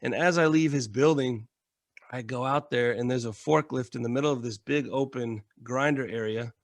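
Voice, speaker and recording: A man from the United States, a military veteran and podcast guest, telling stories in a casual, animated way, acting out quotes and swearing freely. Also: mid-range voice, normal speed, dry recording, studio quality. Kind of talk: casual storytelling.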